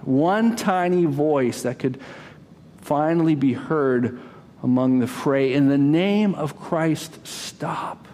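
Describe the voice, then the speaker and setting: A man preaching a sermon, telling a story dramatically, rising to loud cries and dropping to a hush. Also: mid-range voice. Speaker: pastor.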